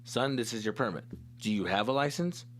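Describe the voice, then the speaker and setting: A man voicing a stern adult police officer who questions in a flat, businesslike way. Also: medium pitch, a little fast, soft background music, natural voice.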